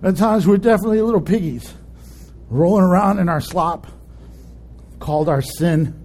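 A male pastor preaching a sermon in an animated way, laughing often and acting out voices in his stories. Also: high-pitched, moderate pace.

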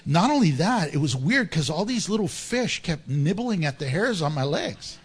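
A man preaching a sermon as pastor in a church, animated and humorous, laughing often and acting out Bible stories. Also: fairly high pitch, moderate pace, husky.

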